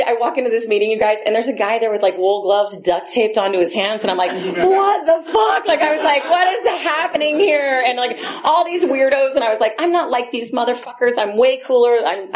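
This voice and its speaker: A woman in her forties sharing her recovery story at a meeting, blunt and profane, laughing often as she talks into a handheld microphone. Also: mid-range voice. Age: 40s. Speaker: AA meeting speaker. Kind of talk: candid personal recovery share. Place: meeting room.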